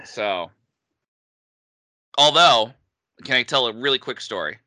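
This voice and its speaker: A man's voice: mid-range voice, lively intonation, slow pace, bright, forceful tone, no echo. A man from New England telling a funny story in a casual chat as podcast co-host, laughing often.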